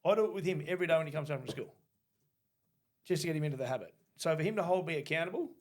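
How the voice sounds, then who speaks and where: A man's voice: on the high side, lively intonation, rapid-fire. A middle-aged Australian man co-hosting a podcast, telling stories bluntly and casually, with the odd swear word. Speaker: podcast co-host. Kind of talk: casual chat.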